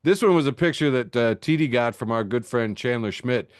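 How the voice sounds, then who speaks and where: A man's voice: mid-range voice, expressive, fairly quick, no room sound. A man hosting a casual chat podcast, reading out funny posts and laughing at them as he goes. His voice sits in an ordinary middle register. It is recorded dry and close on a call mic. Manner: laughs often, reads jokes aloud. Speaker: podcast host. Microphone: video call mic.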